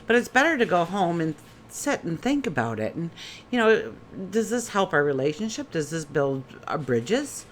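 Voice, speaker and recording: A woman gives a relaxed daily tarot reading, chatting and asking question after question. Her pitch moves a lot as she talks. A faint hum of room noise sits behind her. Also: normal speed. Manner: chatty, asks many rhetorical questions. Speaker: tarot reader.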